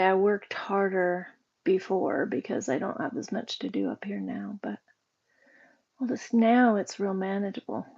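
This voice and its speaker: A woman's voice: mid-range voice, muffled recording. A woman livestreaming, chatting casually and rambling with her viewers while she sorts boxes, and greeting them by name.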